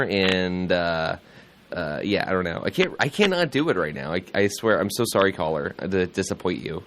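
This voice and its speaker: A man's voice: deep voice, sing-song, moderate pace, fairly bright tone. A man who hosts a radio show and reads the weather, bantering casually with hesitant, stammering restarts. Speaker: radio host and weather reader. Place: radio studio. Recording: noisy radio studio line.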